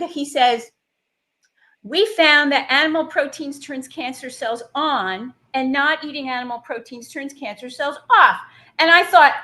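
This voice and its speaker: A woman guest, a plant-based health coach, telling a personal story in an interview in a lively, animated way with many fillers. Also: sits high. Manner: animated storytelling with lots of "like" and acted quotes.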